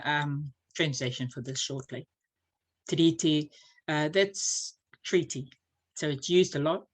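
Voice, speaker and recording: A woman presenting a church language series, unhurried with many fillers, teaching Māori pronunciation through spoken examples. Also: low-pitched. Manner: unhurried, filler-heavy explanations.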